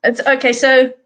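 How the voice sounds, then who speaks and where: A middle-aged Australian woman hosts a live stream, rambling casually with viewers and laughing often. Her voice is fairly high, and there's a little hiss or hum on the recording.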